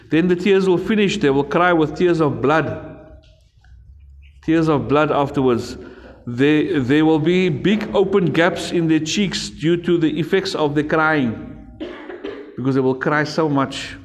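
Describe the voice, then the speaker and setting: A man with a South African accent and a voice on the high side speaks unhurriedly, sounding like he's in a large hall. He's teaching children a religion class in a school classroom, emphatic and repetitive, addressing his pupils directly.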